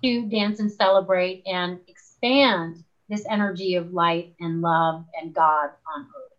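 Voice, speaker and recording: With a lowish voice and measured pace, a woman author recounts stories in a conversational interview. She's an animated storyteller who performs the voices she quotes. The recording has its highs cut off.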